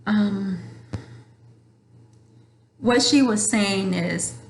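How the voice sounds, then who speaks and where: A woman vlogger speaks straight to her viewers, earnest and emotional, circling back over her words. Her voice has a gravelly edge in a roomy, echoey room at home. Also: mid-range voice, a little slow, slight background noise. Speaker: channel host. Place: home room with a dryer running.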